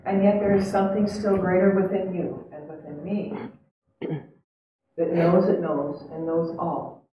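A woman's voice: lowish voice, steady tone, unhurried, dark tone, a little hiss or hum. A woman giving a spiritual talk to a live audience, earnest and chatty, reflective by turns. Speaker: spiritual speaker. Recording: echoey hall, heard from a distance.

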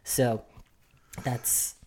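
A man's voice: drawn-out words, darkish tone, slight background noise. A man in his twenties from Malawi talks on a podcast in an easygoing, earnest way. He thinks aloud about himself and laughs easily as he goes. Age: 20s. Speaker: podcast co-host. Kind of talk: casual chat.

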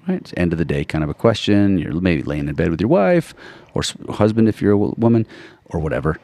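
A man with a fairly low voice co-hosts a relaxed parenting podcast. His pitch swings widely as he talks, and he laughs easily. The recording is close and dry, with no room sound. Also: fast, no echo. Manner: animated, laughs often, repeats "right?". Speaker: podcast co-host. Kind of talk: casual parenting chat.

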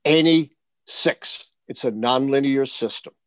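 An older man from the United States, a guest election forecaster, answering in a lively storytelling way with punchy asides. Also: mid-range voice, unhurried, smooth, dry recording.

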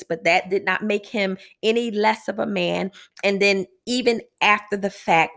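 A woman hosting a devotional podcast reads scripture and then talks earnestly about what it means. She speaks slowly and deliberately. Her voice has a gravelly, fry-touched edge. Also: mid-range voice, a bit bright. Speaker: podcast host. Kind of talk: devotional Bible teaching.

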